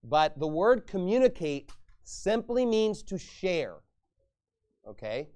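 A man's voice: high voice, sing-song, slow pace. Emphatic man preaching a sermon. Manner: emphatic, rises loud on sarcastic points. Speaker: pastor.

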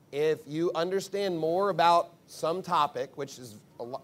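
Blunt, rambling male preacher. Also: a little high. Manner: blunt, emphatic, rambling with asides. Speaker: pastor. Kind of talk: conversational sermon.

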